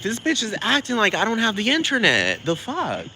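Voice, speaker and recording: A man delivering a sassy, profane comedic rant, rambling fast with plenty of attitude. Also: high voice, wildly swooping pitch, pushed and bright, slight background noise, rough recording.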